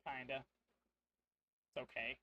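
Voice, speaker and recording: A man's voice: medium pitch, little pitch movement, takes it slowly, bright, forceful tone. A man streaming a solo tabletop game, narrating casually and thinking aloud to his chat.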